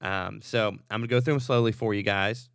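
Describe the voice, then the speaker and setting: Man, podcast host, low gravelly voice, relaxed, affirming, dry sound. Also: a little fast, no room sound. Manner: relaxed and affirming, many fillers. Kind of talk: casual podcast talk.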